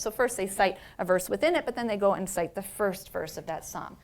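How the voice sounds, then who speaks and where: Animated, playful woman lecturer. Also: medium pitch, moderate pace, gravelly, few pauses. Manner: animated, playful, asks "right?" often. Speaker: university professor, lecturer. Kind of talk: lecture on religious texts.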